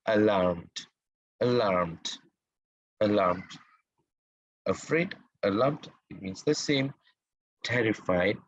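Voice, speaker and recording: Malaysian man drilling vocabulary, husky voice. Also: lowish voice, no echo, low-quality recording. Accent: Malaysian English. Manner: drills words and asks listeners to repeat; mixes English and Malay mid-sentence. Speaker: English vocabulary coach. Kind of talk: bilingual vocabulary lesson.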